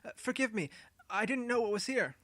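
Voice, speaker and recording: A man's voice: high-pitched, lively intonation, unhurried, a bit bright, dry recording, voice pushed up, exaggerated voice. A man voicing a timid, curious ten-year-old boy in a read-aloud story, with hesitant, stammering questions. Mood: frightened. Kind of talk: storybook character voice.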